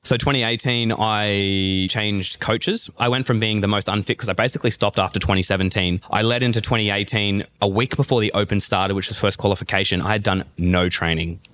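A man's voice: on the low side, fairly quick, few pauses, clean tone. Australian man telling sporting stories. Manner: animated storyteller, acts out remembered dialogue. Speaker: guest athlete. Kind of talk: casual storytelling interview.

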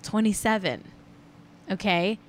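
A woman's voice: medium pitch, slow. Chatty woman hosting a gossip show. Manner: chatty, rambling, bursts into sing-song riffs. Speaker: host. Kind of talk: casual celebrity gossip chat.

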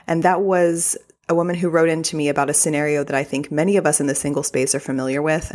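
A woman with a notably deep voice talks straight to her listeners as a podcast host. Her delivery is upbeat and gushing, and she drops in the odd filler word as she goes. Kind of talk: casual podcast monologue.

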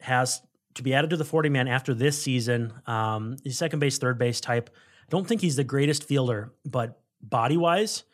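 Podcast co-host, male, digressive casual sports talk, mid-pitched voice. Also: moderate pace. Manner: rambling, digressive, self-correcting.

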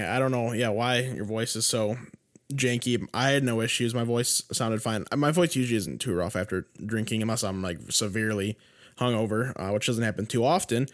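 Young male co-host, dry teasing banter, hesitant casual speech. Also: medium pitch. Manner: dry, teasing, halting with fillers. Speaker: podcast co-host. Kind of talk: casual sports podcast chat.

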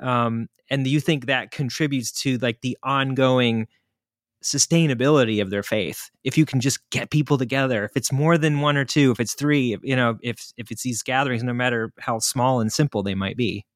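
A man's voice: medium pitch, normal speed, no echo, clean studio sound. Reflective man hosting an interview. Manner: thoughtful, reflective questioning. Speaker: podcast host. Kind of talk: interview questions.

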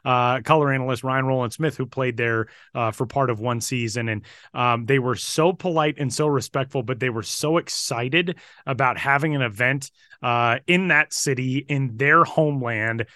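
A man, a baseball broadcaster, telling stories on a podcast in a casual, energetic way with some fillers. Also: medium pitch, moderate pace, no room sound, studio quality. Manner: energetic, animated retelling with fillers.

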